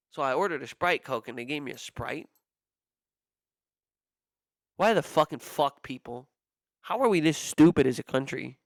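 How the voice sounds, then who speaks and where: A man's voice: fairly high pitch, expressive, moderate pace, long pauses, no room sound, studio quality. A young man streamer telling stories in a casual, profane, exasperated rant, mimicking the people he quotes. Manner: profane, exasperated ranting with mock-quoted voices. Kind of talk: casual livestream storytelling rant.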